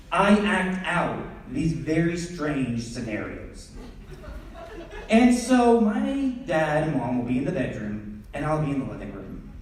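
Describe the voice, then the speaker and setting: Brief: animated young comic telling a story on stage, voice swooping high and low, far from the mic. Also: male voice. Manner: animated, acts out scenes. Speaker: stand-up comedian. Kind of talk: storytelling stand-up. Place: theatre stage. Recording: echoey theatre from far off.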